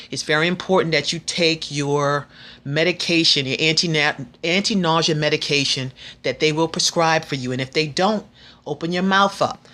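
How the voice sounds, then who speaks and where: A woman's voice: low voice, a bit bright. A woman of fifty sharing frank, earnest advice in a casual vlog, chatty and faith-filled, often restarting her sentences. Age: 50s. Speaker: vlogger.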